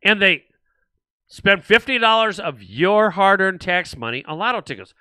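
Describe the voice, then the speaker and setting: Speaking at normal speed in a high-pitched, clear, resonant voice, a man hosting a livestream animatedly and sarcastically rants about politics, mocking other voices and reading viewer comments aloud. The recording is dry.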